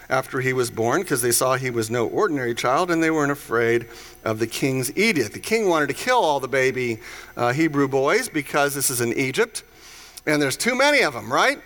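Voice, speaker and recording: A man preaching in a relaxed, conversational way, retelling scripture stories with playful voiced asides. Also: mid-range voice. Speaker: pastor. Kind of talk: casual sermon.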